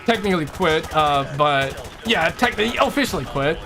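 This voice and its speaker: A man's voice: on the high side, normal speed, vocal fry. A young man from Quebec hosting a casual livestream, chatting loosely and reading viewers' messages aloud. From Quebec, Canada. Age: young adult. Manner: relaxed, chatty, reads chat aloud. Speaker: livestream host.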